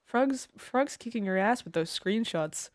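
Speaking a little slowly in an animated, rather high voice, a female game streamer comes through in clean studio sound without echo. She keeps up casual talk with her viewers, full of jokes, lots of swearing, and frequent, dramatically playful laughter.

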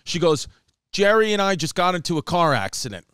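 New comic guy ranting through a story, smooth clear voice, kinda high, dry close mic. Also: dry recording. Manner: animated, acts out quotes, rapid run-on storytelling. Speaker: comedian podcast host. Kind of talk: comedic storytelling monologue.

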